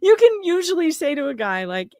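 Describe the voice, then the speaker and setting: A woman's voice: very high voice, brisk, no echo. A woman co-hosting a casual livestream, telling stories and teasing her co-host. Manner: animated storyteller, teasing.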